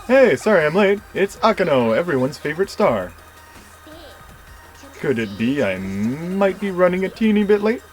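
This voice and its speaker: A man voicing a perky young female pop star in a high, bubbly voice. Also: big pitch swings, normal speed, faint music behind.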